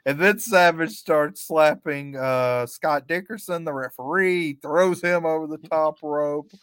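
A man co-hosting a podcast, recapping events play by play in a relaxed, chatty way and chuckling often. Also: a little high, unhurried, smooth, no echo. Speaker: podcast co-host. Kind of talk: casual recap chat.

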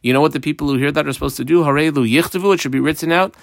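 A man's voice: a little high, racing, vocal fry, dry recording. A man teaching a Talmud lesson, reading Aramaic phrases and explaining them in casual English.

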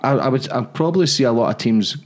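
A man's voice: mid-range voice, lively intonation, fast talker. A man hosting a podcast, asking questions in a chatty, blunt way with casual swearing. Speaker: podcast host. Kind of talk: casual interview chat.

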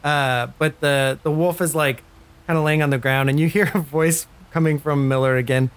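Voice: mid-range voice, fairly even intonation, normal speed, smooth. Rambling tabletop game master. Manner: rambling, many fillers.

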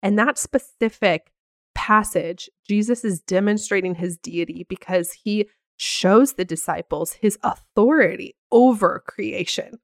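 A woman's voice: mid-range voice, measured pace, dry recording, clean studio sound. A young woman hosting a faith-based podcast, speaking earnestly and reading scripture aloud. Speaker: podcast host.

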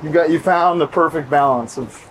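A man's voice: a little high, normal speed, a bit bright, a little hiss or hum, rough recording. A man hosting a podcast, bantering in a teasing, playful way and laughing often. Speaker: podcast host. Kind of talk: casual banter.

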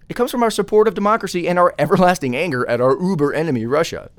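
A male podcast host gives opinion commentary. He is emphatic and asks question after question, and his voice rises and falls in a lively, animated way. His pitch sits a little high for a man, and the recording is dry and close. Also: quick pace, hardly any pauses, no echo. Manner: emphatic, full of rhetorical questions.

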